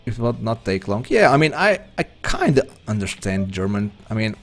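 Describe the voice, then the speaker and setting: A man's voice: lowish voice, very animated, normal speed, soft background music. A man chatting loosely with viewers while streaming an online poker game, rambling and self-deprecating. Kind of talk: live-stream chat while playing.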